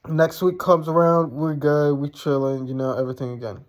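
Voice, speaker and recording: Young guy ranting a storytime, swears a lot, kinda high voice. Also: little pitch movement, moderate pace. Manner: profane, blunt, rambling with many fillers. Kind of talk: casual storytime.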